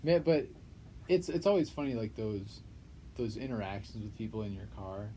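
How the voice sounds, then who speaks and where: A young man co-hosting a podcast, chatting casually and telling stories with lots of swearing and loud acted-out quotes. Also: on the low side, moderate pace, a little hiss or hum, rough recording. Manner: animated storyteller, swears freely, acts out quotes loudly. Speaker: podcast co-host. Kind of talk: casual chat.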